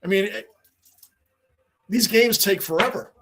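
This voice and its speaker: A man's voice: high voice, a little slow, creaky, background noise. A middle-aged man, hosting a casual livestream, talking on and answering chat, often repeating himself. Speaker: livestream host.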